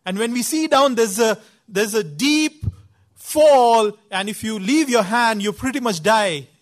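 A man's voice: very high-pitched, measured pace. A man preacher giving a sermon, telling a story in an earnest, emphatic way.

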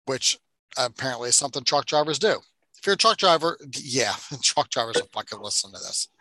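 A man's voice: mid-range voice, sing-song, a little fast, bright, forceful tone. A man co-hosting a casual movie-review podcast, swearing freely and mocking the film with sarcasm. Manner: profane, sarcastic, acts out movie lines. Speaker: podcast co-host.

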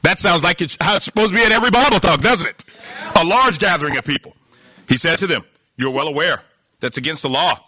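A man preaching a sermon, emphatic and animated, reading scripture and breaking into exclamations. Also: fairly high pitch, dry recording.

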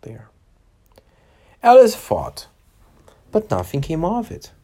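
A man's voice: on the high side, huge pitch swings, takes it slowly, dark tone. A man reading a children's book aloud to young listeners, stopping patiently to explain words and scenes.

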